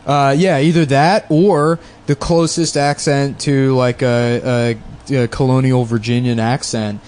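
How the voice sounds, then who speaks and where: A man's voice: medium pitch, steady tone, a little slow, darkish tone, clean tone. A young man co-hosting a comedy podcast, riffing in casual banter and slipping into silly voices. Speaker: podcast co-host.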